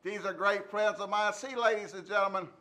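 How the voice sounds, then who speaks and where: A man hosting a rowdy sports radio show, loud and theatrical, shouting comic bits. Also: high-pitched, steady tone, fairly quick.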